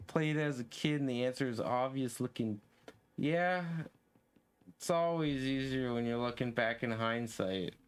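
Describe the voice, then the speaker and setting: Slow-talking exasperated male game streamer. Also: medium pitch, smooth. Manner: exasperated, swears and rants at the game. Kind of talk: casual live gameplay commentary. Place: home room with window open.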